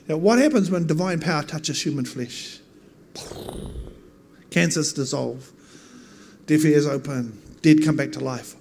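A man preaching in an earnest, emphatic way, his voice sitting a little higher than most men's. He keeps pressing his points and lifts into louder bursts, over a faint hum of background noise. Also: unhurried, vocal fry, long pauses. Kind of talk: sermon storytelling.

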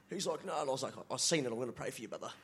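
A church member from the congregation, asking a question, tells a casual story fast in an expressive, mid-range male voice. He's chatty, laughs as he goes, and says "brother" a lot.

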